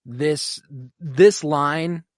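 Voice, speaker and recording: A man's voice: fairly high pitch, drawn-out words, no room sound. Guy on a podcast gushing about a tv episode, swears a ton, dry close sound. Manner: animated, swears a lot, acts out scenes emotionally. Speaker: podcast co-host. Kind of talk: casual TV recap chat.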